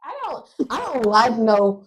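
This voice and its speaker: A woman's voice: on the high side, big pitch swings, measured pace, slight background noise. A young adult woman co-hosting a podcast in casual chat, blunt and profane, with fired-up opinions. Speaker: podcast co-host.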